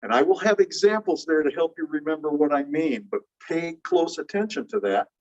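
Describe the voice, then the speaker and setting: A man teaching a linguistics class, explaining slowly and repeating key phrases while checking that students follow. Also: a little high. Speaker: linguistics instructor. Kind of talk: classroom lecture. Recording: muffled distant classroom recording.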